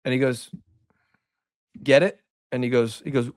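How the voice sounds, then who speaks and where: A man's voice: medium pitch, moderate pace, pauses often, no room sound, clean studio sound. A middle-aged man, co-hosting a podcast, telling stories casually and acting out what people said, swearing freely. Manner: animated storyteller, acts out quotes, swears freely. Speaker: podcast co-host. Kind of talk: casual chat, storytelling.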